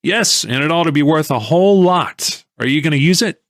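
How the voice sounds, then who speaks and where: Man doing an eager insistent stock tipster, pitched up, lively swings, dry close sound, audiobook character. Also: brisk, no room sound, natural voice. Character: excited pushy male stock tipster.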